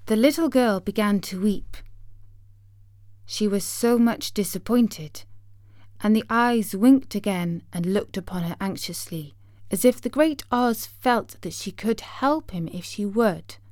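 A woman narrating a storybook aloud in a measured, gentle storytelling manner. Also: medium pitch, no room sound, clean studio sound. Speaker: audiobook narrator.

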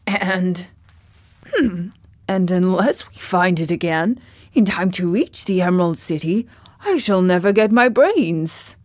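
A woman's voice: lowish voice, expressive, slow pace, no room sound, studio quality. The Scarecrow, a woman doing a grumbling straw man. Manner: grumbling, hesitant with hums.

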